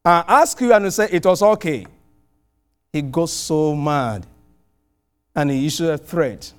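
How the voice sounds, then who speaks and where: A middle-aged male preacher from abroad, with a high-pitched voice. He tells a story in his sermon with lively energy, and his voice rises loud on exclamations. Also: measured pace, clean tone. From outside the US.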